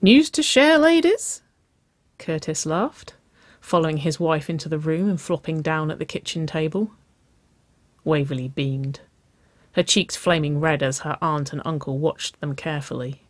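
A woman narrating a story aloud at a slow, steady pace. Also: low-pitched, dry recording.

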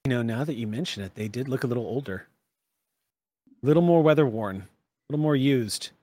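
A man narrating a tabletop role-playing game as game master, measured and explaining the scene and rules. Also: medium pitch, dark tone, dry recording.

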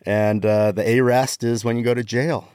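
A man's voice: mid-range voice, fairly even intonation, moderate pace, a little mellow, clean tone, dry recording. Rambling man, dry close sound. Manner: rambling, repeats words while searching. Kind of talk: casual comedy chat, asking questions.

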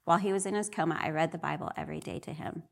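Woman, middle-aged, slightly low voice, heartfelt faith testimony, earnest and emotional. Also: rapid-fire, creaky. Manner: earnest and emotional, often re-voicing her own prayers. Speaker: church member sharing her testimony.

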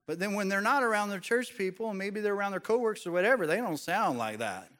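A man preaching a sermon as pastor, animated and joking, putting on voices to make his points. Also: high voice, fairly quick. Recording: long hall reverb.

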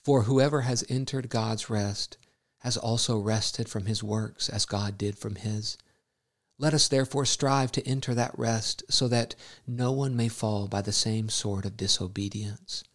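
A man reading a devotional story and scripture in a measured, solemn way. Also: fairly low pitch, fairly even intonation. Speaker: narrator.

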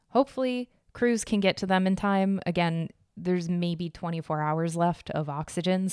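A woman hosting a news podcast in a loose, rambling way, blunt and a little profane. Her voice sits on the low side and comes through smooth and clean. The recording is close and dry. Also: no room sound. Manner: chatty and rambling, with fillers, blunt and swearing. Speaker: podcast host. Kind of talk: casual news podcast commentary.

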